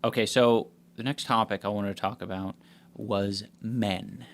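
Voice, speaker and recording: A man's voice: lowish voice, fairly even intonation, unhurried. A man in his thirties co-hosting a casual podcast, rambling with lots of "you know" and "like". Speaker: podcast co-host. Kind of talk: casual chat.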